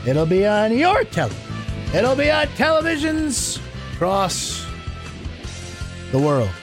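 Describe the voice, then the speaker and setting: A man hosting a sports talk radio show, animated, swinging between loud shouts and hushed asides. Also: high voice, a little slow, over music. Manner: animated, bursts into loud shouts then drops to whispers.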